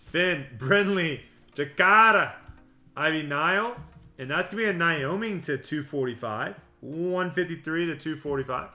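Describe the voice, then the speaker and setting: A man hosting a livestream card break, rattling off player names with quick joking asides. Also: a little high, bright, forceful tone. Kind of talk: livestream card-opening patter. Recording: echoey room with music behind.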